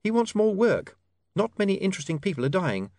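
A man voicing a prim, indignant young woman reporter who talks in a snappish, proper way, well above his own pitch. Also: big pitch swings, a little fast, darkish tone, no room sound. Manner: primly snappish.

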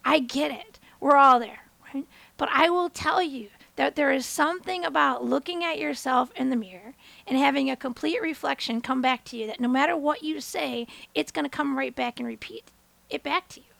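A woman hosting a motivational talk, telling a story in a lively, conversational way and often asking listeners "right?". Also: sits high, moderate pace, creaky, dry recording. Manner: animated, acts out her own and others' words in bigger voices. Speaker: host. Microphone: camera.

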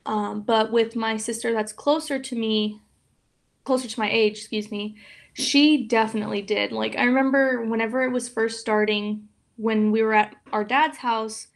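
Young woman guest, kinda high voice, soft and open, lots of ums. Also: steady tone, moderate pace, creaky. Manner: soft, open, emotional, with many fillers. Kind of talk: casual interview chat.

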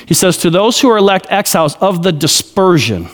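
A male pastor giving a lively verse-by-verse Bible teaching, with joking asides and frequent "okay?" check-ins to the crowd. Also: sits high, brisk. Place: large church hall. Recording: long hall reverb.

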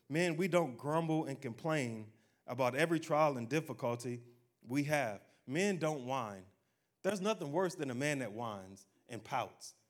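A man preaching a sermon in a folksy, conversational way, calling out "amen" and acting out quotes. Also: mid-range voice. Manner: exhorting, call-and-response preaching. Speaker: pastor.

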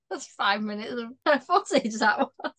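A woman's voice: on the high side, animated, measured pace, pushed and bright. Giggly woman. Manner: giggly and jokey, laughs often. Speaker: podcast co-host. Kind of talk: casual chat.

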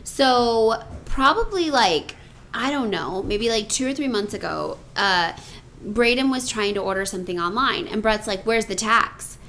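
A woman's voice: a little high, expressive, unhurried, a bit bright, slight background noise. A middle-aged woman co-hosting a podcast, telling family stories in a blunt, profane, casual way. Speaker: podcast co-host. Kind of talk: casual chat.

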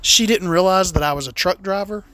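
A solo podcast host chatting casually, rambling from point to point with plenty of swearing and tongue-in-cheek asides. The voice sits in a middle pitch. The sound is dry and close to the microphone. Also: fairly quick, a bit bright, no echo.

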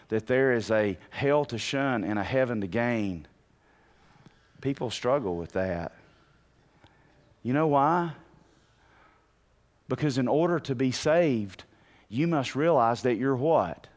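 A man preaching a sermon in an animated way, asking the congregation questions and rising to shouts. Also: mid-range voice. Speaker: pastor.

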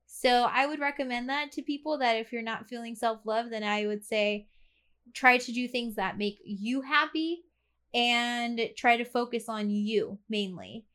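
Bright, chatty woman on a podcast. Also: fairly high pitch, steady tone, unhurried. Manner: candid, chatty, laughs easily. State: has the hiccups. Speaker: podcast co-host. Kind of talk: casual podcast chat.

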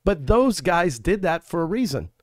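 A man's voice: high-pitched, sing-song, moderate pace, no echo, studio quality. A man speaking as a Senate candidate in a casual political chat, an emphatic storyteller who quotes people in his anecdotes.

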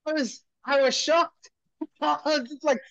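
A man co-hosting a podcast tells a story in casual chat. He talks in an animated way, laughs often and restarts his sentences. The recording is dry and a little muffled. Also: extremely high pitch, measured pace, vocal fry, no echo. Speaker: podcast co-host. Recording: dry, slightly muffled lo-fi audio.

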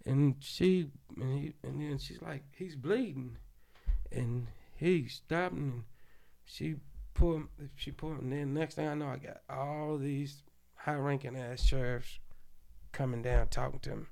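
A man's voice: medium pitch, very animated, a little slow, gravelly, a little mellow. A man, a podcast guest, telling a story in casual chat. His speech is loose and profane, full of "you know what I'm saying.".

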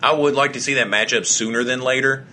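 A man's voice: medium pitch, steady tone, a little fast, bright, forceful tone, a little hiss or hum. A young man co-hosting a casual podcast chat, joking, swearing and laughing often. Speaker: podcast co-host.

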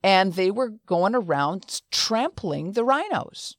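A woman's voice: medium pitch, very animated, a little slow, no echo, clean studio sound. A middle-aged woman hosting a Christian talk show, telling stories in an earnest, conversational way with frequent restarts. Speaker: host.

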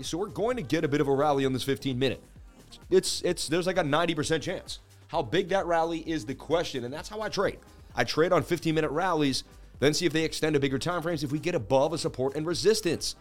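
A middle-aged man hosting a crypto trading livestream, salesy and pumped up, calling viewers baby. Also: fairly high pitch. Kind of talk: hyped livestream chart talk.

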